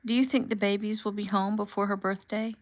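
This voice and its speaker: A woman's voice: medium pitch, fairly even intonation, brisk, voice pushed up, natural voice. A woman reading as a tearful, anxious young mother.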